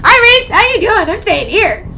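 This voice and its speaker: A woman streamer reading a visual novel aloud, animated and exclaiming often. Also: very high-pitched, moderate pace, vocal fry, slight background noise. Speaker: let's play streamer.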